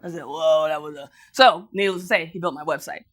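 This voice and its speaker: A motivational speaker with a low voice and brisk delivery tells a story to an audience. She acts out other people's lines and laughs along the way.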